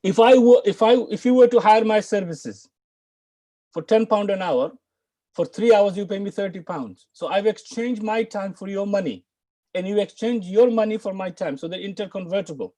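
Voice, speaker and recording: An Arabic and Quran teacher from the United Kingdom speaks British English in an online lesson, with a warm, high voice at a moderate pace. He puts stress on key words and repeats phrases so learners can keep up.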